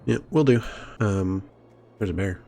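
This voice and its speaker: A man's voice: sits low, measured pace, creaky, dark tone. A man streaming a game, rambling and wondering aloud as he plays. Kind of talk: casual gameplay commentary. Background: faint game music.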